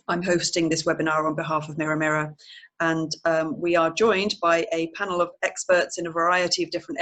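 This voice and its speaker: A woman's voice: on the low side, a bit bright. A woman hosting an online webinar over a video call, chatty with many fillers. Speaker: webinar host.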